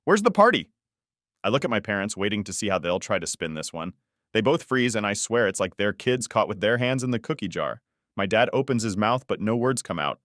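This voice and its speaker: A man reading a first-person story as a scripted narration, in an even, measured manner. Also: on the low side, no echo, studio quality.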